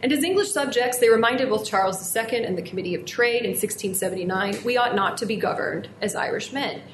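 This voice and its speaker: A woman giving a history lecture in a measured, formal way, reading out quotations from old sources. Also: on the high side, roomy sound, a little hiss or hum. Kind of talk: reading an academic history talk.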